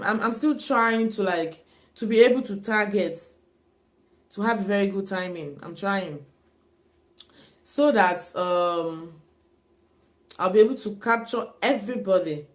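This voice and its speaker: Woman vlogger, casual live-stream chat, talkative, repeats herself, mid pitch. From Africa. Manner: chatty, repeats herself, laughs and sighs often.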